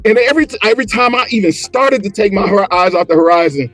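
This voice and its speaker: A man telling a story as a podcast guest, animated and acting out the quotes and motions as he goes. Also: high-pitched, fast, soft background music. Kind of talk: casual storytelling.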